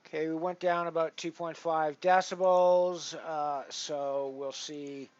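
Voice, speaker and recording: Rambling man streaming poker, loudness swinging. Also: fairly high pitch, flat delivery, takes it slowly, no room sound, dull audio. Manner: rambling, with many restarts and big swings in loudness. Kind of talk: casual live-stream commentary. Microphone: headset.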